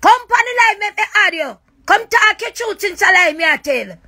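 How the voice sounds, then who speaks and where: A woman's voice: very high voice, animated, normal speed, bright, forceful tone. A woman with a Jamaican accent, ranting on a live stream in a raw, accusing, repetitive way. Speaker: livestreamer. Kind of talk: emotional live-stream rant.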